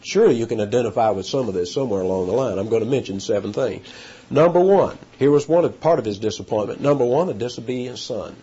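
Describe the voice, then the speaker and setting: Animated preacher man, dull lo-fi recording. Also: breathy edge. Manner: animated, pitch jumping up on emphasis, halting restarts. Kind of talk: sermon. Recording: dull lo-fi sound.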